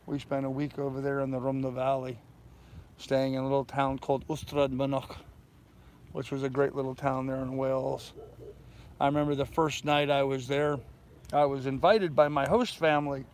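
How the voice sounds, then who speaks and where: A man's voice: mid-range voice, little pitch movement, moderate pace, a little hiss or hum. An older man chatting casually on a live stream from his boat in a bay, telling rambling stories. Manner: rambling storyteller. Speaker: sailing vlogger.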